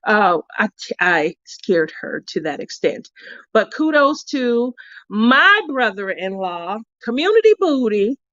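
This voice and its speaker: A woman's voice: mid-range voice, a bit bright, no room sound. A woman hosting a craft channel in casual chat, talking freely and laughing often. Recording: dull, dry lo-fi recording.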